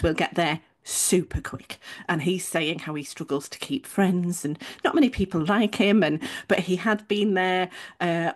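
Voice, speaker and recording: A woman from England co-hosts a podcast in relaxed conversation. She tells her story in a rambling, chatty way, often starting a sentence over and correcting herself mid-thought. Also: lowish voice. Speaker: podcast co-host. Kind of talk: casual chat.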